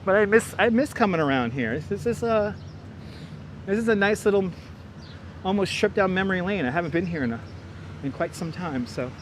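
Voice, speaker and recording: A man's voice: sits high, lively intonation, normal speed, long pauses, noisy background. A man hosting a live walking stream, chatting casually in a rambling way and often repeating himself, on a wireless clip-on mic outdoors. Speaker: livestream host. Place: outdoors on a city street.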